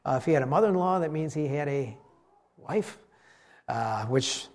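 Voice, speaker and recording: A man's voice: on the high side, normal speed. A man preaching a sermon to a congregation, acting out the voices in the story as he goes. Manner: animated, acts out the voices in the story. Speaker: pastor.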